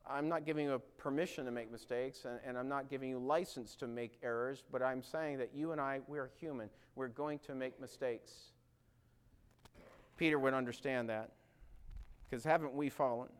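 A man's voice: medium pitch, fairly even intonation, moderate pace, clear, resonant tone. A man preaching a sermon, earnest and direct, asking his listeners questions and acting out quoted lines with growing force.

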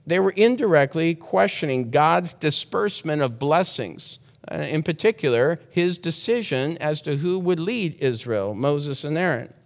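A man delivering a sermon in a talky, earnest manner, often backing up to restart a phrase. His voice sits slightly high for a man. The recording carries a long hall reverb behind him. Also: expressive, a little slow, gravelly. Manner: conversational, earnest, frequent restarts. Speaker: preacher.

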